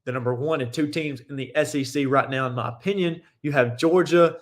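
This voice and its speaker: A man's voice: a little high, fairly quick. A young man hosting a sports talk show, giving casual, opinionated and rambling commentary with frequent restarts.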